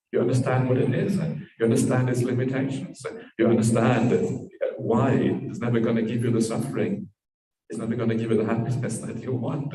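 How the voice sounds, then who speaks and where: A man's voice: mid-range voice, mellow. A man, a Buddhist monk, gives a dharma talk at a meditation retreat, telling a parable and tagging sentences with "yeah". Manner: storytelling with frequent tag "yeah"s. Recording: distant mic in an echoey room.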